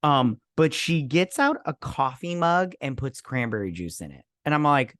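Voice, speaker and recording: Rambling, animated man co-hosting a boozy review. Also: medium pitch, moderate pace, no room sound. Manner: rambling, profane, acts out quotes in raised voices. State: drinking while talking. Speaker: podcast co-host. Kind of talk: casual movie review chat.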